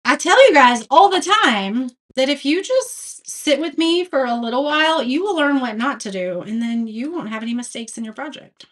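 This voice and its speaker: A woman's voice: high voice, lively intonation, moderate pace, hardly any pauses, a bit bright. A woman chatting casually as she hosts a live craft tutorial, reading viewer comments and laughing at her own mistakes. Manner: chatty, self-deprecating, reads viewer comments aloud. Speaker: craft livestream host.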